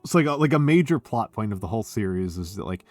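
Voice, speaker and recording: A man's voice: fairly low pitch, sing-song, quick pace, no room sound, soft background music. A man, chatting casually and sardonically on a stream, swearing freely and often laughing. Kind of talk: casual chat.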